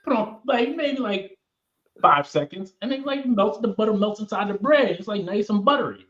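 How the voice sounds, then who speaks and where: Animated podcast host with a muffled sound. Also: male voice, sits high, moderate pace. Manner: animated and playful, breaks into song and jokes. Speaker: podcast host reading live chat. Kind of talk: casual chat.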